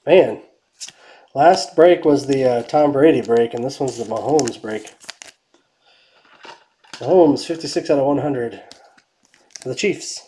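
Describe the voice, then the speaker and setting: A woman with a notably low voice runs a live trading card break in a relaxed, chatty way. She talks through each card and slips into quiet mutters as she checks the packs, with faint crinkling and clicks behind her. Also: measured pace, long pauses, a little hiss or hum.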